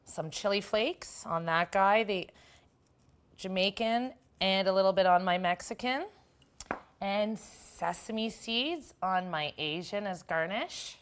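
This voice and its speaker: A woman's mid-range voice comes through slow and animated, with a little hiss or hum on the recording. Hosting a casual cooking demonstration, she chats brightly while working through a recipe.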